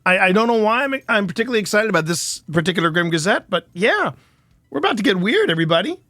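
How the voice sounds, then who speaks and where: A man hosting a live stream in casual chat with viewers, excitable and quick to laugh and shout. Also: high-pitched, no room sound. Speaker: livestream host.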